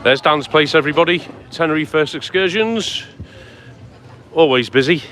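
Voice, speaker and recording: On a sunset stroll along town streets, a man streams live, greeting viewers by name and chatting as he walks. He speaks at a moderate pace in a somewhat high, slightly bright voice, with faint street sounds behind him.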